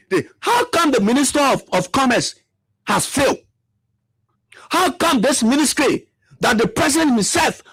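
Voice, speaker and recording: Male commentator, high husky voice, dry close sound, impassioned and repetitive. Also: a bit bright, dry recording. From Liberia. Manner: fiery, repetitive, rhetorical questions. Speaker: political commentator.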